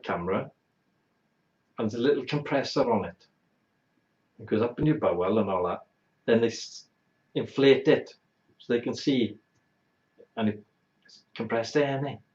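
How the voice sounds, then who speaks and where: Bloke telling a rude funny story, roomy muffled sound. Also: male voice, mid-range voice, a little mellow. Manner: blunt, exaggerating, bawdy storyteller. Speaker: talk show host. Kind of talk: comic anecdote on a live talk show.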